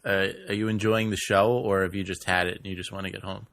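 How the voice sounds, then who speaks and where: A man hosting a casual podcast who cuts in with dry, teasing remarks. His voice sits low and the recording is close and dry. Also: flat delivery, quick pace, a bit bright, no echo. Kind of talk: casual chat.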